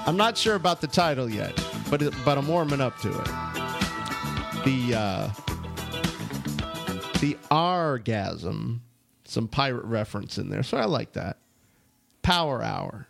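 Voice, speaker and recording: A man's voice: mid-range voice, sing-song, normal speed, gravelly, over loud music. A man co-hosting an adult-themed talk radio show, rambling and joking crudely. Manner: rambling, bawdy, jokey. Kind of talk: casual radio banter.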